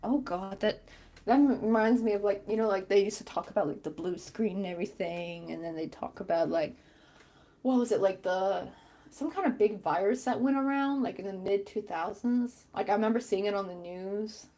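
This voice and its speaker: A woman's voice: medium pitch, moderate pace, dark tone. A woman chatting casually and rambling with many fillers while she crochets on a stream.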